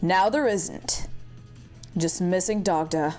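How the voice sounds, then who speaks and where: Woman voicing a calm female squad leader. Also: fairly low pitch, slow pace, faint music behind, voice pushed down. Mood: commanding. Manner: calm, commanding delivery.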